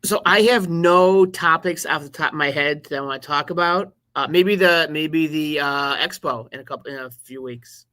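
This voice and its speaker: A man's voice: on the high side, moderate pace, few pauses, pushed and bright. A man joining a casual podcast chat as a panelist, easygoing and keeping his replies brief.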